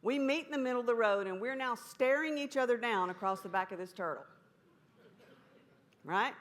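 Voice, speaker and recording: A woman's voice: on the high side, expressive, moderate pace. Folksy woman telling a story. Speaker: conference speaker. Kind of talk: storytelling talk.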